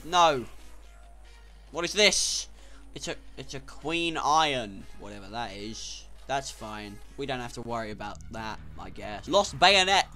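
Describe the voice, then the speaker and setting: A young man giving casual, sarcastic gameplay commentary, swearing and breaking into sudden loud outbursts. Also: medium pitch, a little slow, faint music behind. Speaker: gaming YouTuber.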